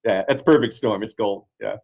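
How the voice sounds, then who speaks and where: A man's voice: lowish voice, moderate pace, gravelly, darkish tone. Man in casual talk, earnest, keeps restarting, kinda lo-fi sound. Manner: earnest, reflective, with frequent restarts. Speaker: pastor, guest. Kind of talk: casual conversation, storytelling.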